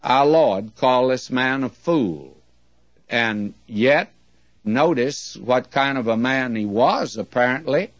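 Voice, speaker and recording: A man preaching a sermon in a measured, earnest way, with slow, emphatic readings. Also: medium pitch, lively intonation, no echo. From United States. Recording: dull, dry lo-fi recording.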